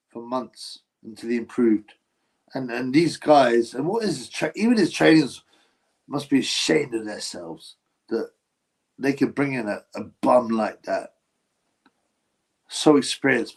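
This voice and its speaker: A man's voice: mid-range voice, breathy edge, poor audio. A man hosting a casual boxing livestream, reading chat and giving blunt, mocking opinions.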